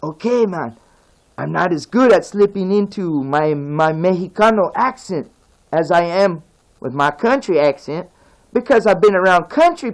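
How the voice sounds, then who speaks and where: A man's voice: high-pitched, poor audio. A man from California in a casual video rant, rambling, accusing and repeating himself.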